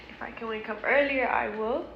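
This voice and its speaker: A woman chatting casually to her viewers in a home vlog, tired and relaxed, calling them guys. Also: a little high, moderate pace, dull audio. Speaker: vlogger. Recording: roomy echo with loud background noise.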